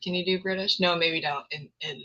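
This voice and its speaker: A woman's voice: fairly low pitch, steady tone, brisk, bright, forceful tone, lo-fi sound. A woman hosting a casual video call, playful and teasing, laughing often. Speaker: host. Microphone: headphones on a video call.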